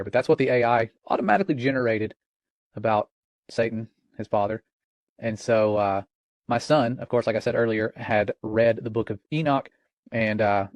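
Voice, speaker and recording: A man's voice: mid-range voice, no echo. A man giving an earnest, cautionary religious talk in a conversational way.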